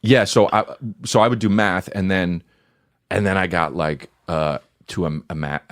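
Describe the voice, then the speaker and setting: A man chatting casually as a podcast guest, animated and profane, often repeating himself. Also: low voice, normal speed. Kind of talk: casual chat.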